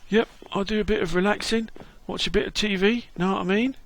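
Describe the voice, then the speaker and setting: A man's voice: high-pitched, fairly even intonation, brisk, voice pushed up. A man doing a chummy older London bloke. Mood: chatty. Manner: matey, chummy, says "mate" a lot. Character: friendly older London man, chatty, down to earth. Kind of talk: game character role-play.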